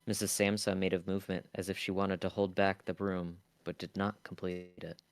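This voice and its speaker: A man's voice: deep voice, little pitch movement, moderate pace, clear, resonant tone, dry recording. A man streaming live, reading a novel aloud in a casual way, stumbling over words now and then.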